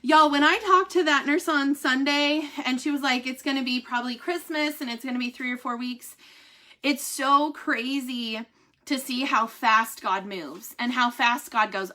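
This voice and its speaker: A woman talks openly to her viewers in a casual vlog. Her voice is bright and sits a little high. She laughs easily and speaks warmly of her faith. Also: measured pace. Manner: chatty, laughs often, candid and faith-minded. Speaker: vlogger giving a family health update. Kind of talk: casual chat to camera.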